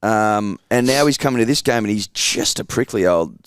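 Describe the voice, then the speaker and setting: A man's voice: fairly low pitch, lively intonation, normal speed, clean tone, dry recording, clean studio sound. An Australian man co-hosting a sports podcast, talking in blunt, sweary banter. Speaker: podcast co-host. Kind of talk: casual sports chat.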